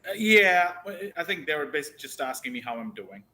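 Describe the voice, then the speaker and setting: A man's voice: mid-range voice, expressive, rapid-fire, sharp tone, slightly rough, rough recording. A man from India, a guest on a live online chat, talking in a hesitant way with many fillers. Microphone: remote call audio.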